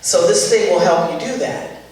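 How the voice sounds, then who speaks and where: An older woman comedian doing stand-up on a charity show stage, telling stories in an animated, exasperated way with punchy asides. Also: lowish voice, normal speed. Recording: echoey hall, voice far from the mic, faint ambience.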